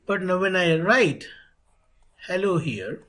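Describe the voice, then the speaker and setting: A man teaching networking in an online lecture. He speaks deliberately, repeats key phrases and asks rhetorical questions. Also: sits high, lively intonation, a bit bright, poor audio. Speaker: networking instructor.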